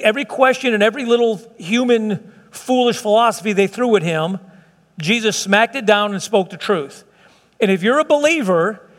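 A pastor delivers a sermon to his church. His voice sits high, and he preaches in a fervent, conversational way, circling back with repeated phrases and restarts. A long reverb trails his words through the sanctuary.

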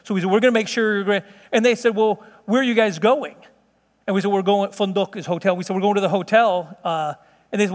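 High-voiced man preaching in a hall. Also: fast talker. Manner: animated storytelling with laughs and exclamations. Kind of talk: sermon testimony. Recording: hall reverb.

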